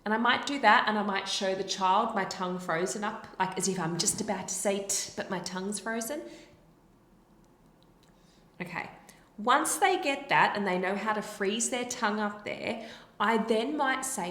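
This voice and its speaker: A woman speech-language pathologist explaining therapy techniques in an encouraging way and demonstrating speech sounds slowly. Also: medium pitch, fairly bright tone. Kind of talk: instructional explanation. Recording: roomy echo.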